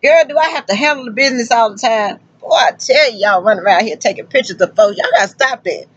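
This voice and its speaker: A woman's voice: a little high, fast talker, slightly rough, dull audio. A woman truck driver vlogging casually and sassily, talking straight to her viewers and calling them honey and girl. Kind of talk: casual chatty vlog.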